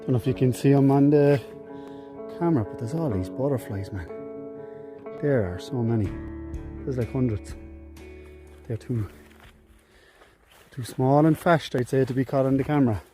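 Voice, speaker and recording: A man's voice: medium pitch, normal speed, long pauses, over music. A young man with a Cork Irish accent, chatting casually to a phone camera as he walks alone across an open hillside, rambling and joking with himself. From Cork, Ireland. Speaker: solo hiker vlogger. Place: outdoors on open hillside and meadow.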